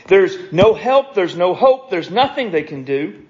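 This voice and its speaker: A man preaching a sermon, retelling scripture stories in a casual way and reading verses aloud quickly. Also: sits high, very animated, a little mellow, dull audio.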